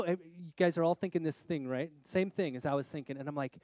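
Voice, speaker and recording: A middle-aged man preaching a sermon as a pastor, telling a story in an animated way that swings between loud exclamations and quiet confession. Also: a little high, a little fast, few pauses, no room sound.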